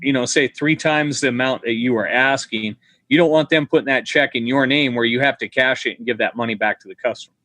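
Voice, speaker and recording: Brief: male co-host, mid-pitched, steady advice-giver, dry sound. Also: a little fast, no room sound. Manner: explaining, advising. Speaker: co-host, former body shop owner. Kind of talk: casual shop talk.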